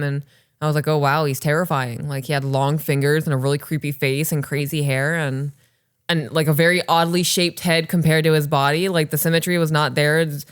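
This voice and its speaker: Low-voiced woman podcast host telling stories. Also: clean tone. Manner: animated storytelling, swears casually. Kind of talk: casual chat and story reading.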